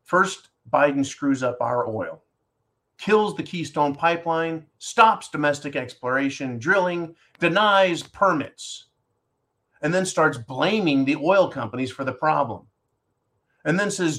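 A man hosting a talk show, reading a listener's question and then ranting at length in a sarcastic, animated way, often calling his listeners "folks". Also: a little high, unhurried. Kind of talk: casual opinion talk show.

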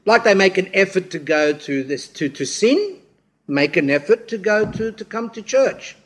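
Middle-aged man, slightly high voice, informal storytelling sermon with acted-out quotes. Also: big pitch swings, moderate pace. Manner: rambling storyteller, acts out quotes, frequent restarts. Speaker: speaker at a church talk.

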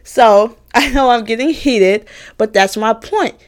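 A woman's voice: fairly high pitch, a little slow. Heated young woman ranting. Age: 20s. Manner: animated, profane, heated, mocking voices of others. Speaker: college student vlogger. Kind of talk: heated storytime rant.

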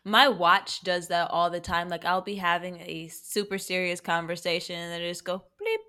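A woman co-hosting a podcast in casual chat, animated and joking, often checking in with "right?". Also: fairly low pitch, moderate pace. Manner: animated and joking, with many tag questions. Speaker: podcast co-host.

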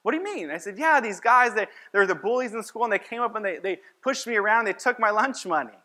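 A man's voice: sits high, lively intonation, fast, sharp tone. A man preaching as a pastor, telling a personal story in a conversational sermon and acting out his own lines.

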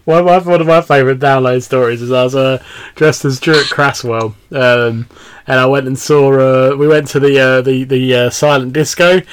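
A man's voice: medium pitch, normal speed, smooth. A man hosting a casual podcast chat, laughing often and swapping festival stories with his guest. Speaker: podcast host.

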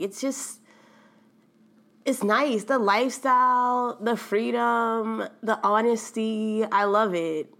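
A young adult woman hosting a podcast, telling a story in a chatty, animated way and laughing often. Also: medium pitch. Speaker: podcast host. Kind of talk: casual storytelling monologue.

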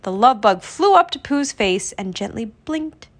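A woman narrating a children's storybook read-aloud in an expressive, storytelling manner. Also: a little high, a little slow.

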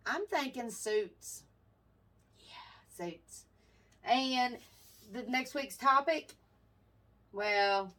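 A woman's voice: a little high, fairly bright tone, distant mic. Crude, laughing woman podcaster. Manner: crude, joking, laughs often. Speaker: podcast host. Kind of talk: casual chat. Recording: voice from away from the mic.

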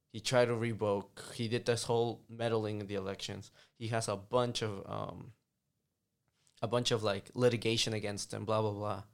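Man, low voice, gravelly, smooth, casual rambling politics chat. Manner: rambling, halting, many restarts.

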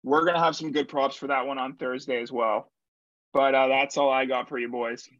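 A man's voice: mid-range voice, little pitch movement, normal speed, fairly bright tone, dry recording, muffled recording. A young man co-hosting a podcast, chatting casually about college football and confidently rattling off picks and betting lines. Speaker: podcast co-host. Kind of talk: casual sports chat.

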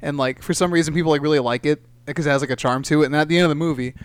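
Fast-talking profane man chatting. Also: on the high side, fairly even intonation, smooth, dry recording. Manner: rambling, profane, jokey, puts on voices. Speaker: podcast co-host. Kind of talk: casual comedic chat.

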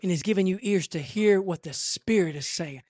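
A man preaching a revival sermon at a church service, swinging from hushed asides to shouted, rhythmic repetition. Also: high voice, fairly quick. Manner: rhythmic repetition, rising cadence.

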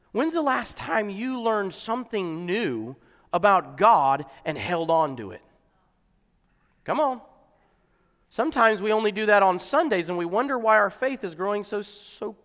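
A pastor preaching a conversational sermon that builds to fervent, emphatic exclamations. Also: male voice, sits high, lively intonation, measured pace, pauses often, a bit bright, big-room sound.

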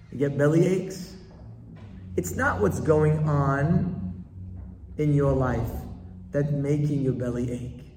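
A man giving a Torah lecture, repeating key phrases emphatically and rising in pitch for stress. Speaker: Torah teacher. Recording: roomy hall, voice from a distance.

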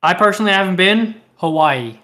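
A young man co-hosts a podcast in loose, rambling chat, swearing freely and laughing along. His voice sits a little high and sounds bright and forward. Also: expressive, fairly quick. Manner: rambling, profane, laughs often. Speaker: podcast co-host. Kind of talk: casual chat.

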